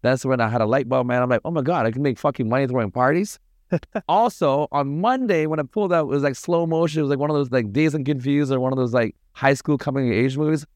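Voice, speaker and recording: This is a man who talks quickly and keeps his stories moving, slangy and animated. His voice sits at an average pitch, and the recording is dry and close with no room sound. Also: dry recording. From Toronto, Canada. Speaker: podcast guest, party promoter. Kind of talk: casual storytelling.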